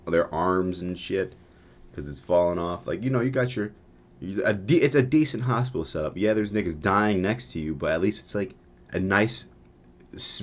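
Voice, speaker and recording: A young man telling a rambling, profane story in a casual vlog, acting out the people he met. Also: deep voice. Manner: profane, rambling, animated retelling.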